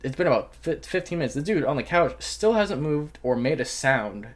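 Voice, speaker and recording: A man's voice: fairly high pitch, very animated, moderate pace. Slangy man telling a wild story. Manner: swearing, slangy, calls the listener bro; acts out the people he quotes. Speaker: podcast host. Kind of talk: casual storytelling chat.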